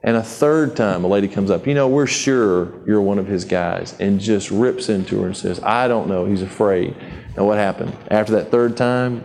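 A lowish-voiced man delivers a sermon conversationally and with animation, acting out the people he quotes in his own voice.

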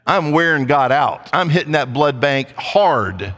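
A man's voice: a little high, lively intonation, measured pace, a bit bright. A male pastor preaching a sermon in a blunt, conversational way, with playful asides. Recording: long hall reverb.

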